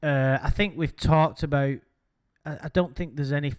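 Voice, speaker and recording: A man's voice: a little high, fairly even intonation, normal speed, a little mellow, smooth. A man co-hosting a casual podcast chat, rambling and amused, swearing now and then. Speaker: podcast co-host.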